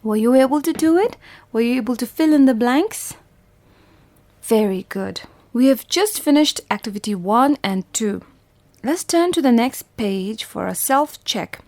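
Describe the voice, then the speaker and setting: A woman's voice: a little high, expressive, unhurried, darkish tone, no room sound. A woman from Bhutan teaching a phonics lesson to young children, patiently sounding out letters and repeating words. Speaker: primary school English teacher.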